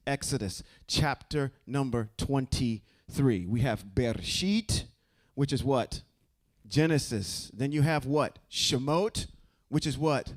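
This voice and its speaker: A man's voice: mid-range voice, darkish tone. A man leading a casual Bible study, quizzing his listeners and often checking in with "okay?" and "right?". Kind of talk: casual scripture teaching to a group.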